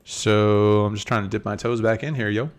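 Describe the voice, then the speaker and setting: His voice is on the low side, steady in tone, at a normal pace. Hosting a laid-back poker stream from Las Vegas, he juggles reading chat and chatting with viewers while walking through his hands.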